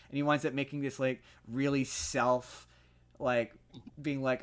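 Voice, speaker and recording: A man's voice: medium pitch, little pitch movement, a little fast, fairly bright tone. A young man co-hosting a podcast, recapping a movie in a rambling, heated way with many restarts. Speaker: podcast co-host. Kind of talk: casual movie review chat.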